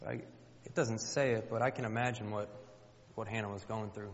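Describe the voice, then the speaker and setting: A man's voice: lowish voice, fairly even intonation, brisk. A man preaching a sermon in a church, colloquial and emphatic, repeating phrases for effect. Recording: dull lo-fi with long hall reverb.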